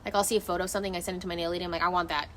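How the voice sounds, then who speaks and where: A woman's voice: fairly low pitch, flat delivery, very fast, fairly bright tone, slight background noise. A woman streamer in casual chat outdoors at night, rambling and emotive and swearing freely as she talks into her phone. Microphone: phone camera.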